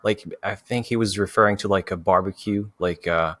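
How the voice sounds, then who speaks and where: A man's voice: fairly low pitch, normal speed, a bit bright, no echo. A man hosting a casual interview, speaking hesitantly with many fillers. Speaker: host.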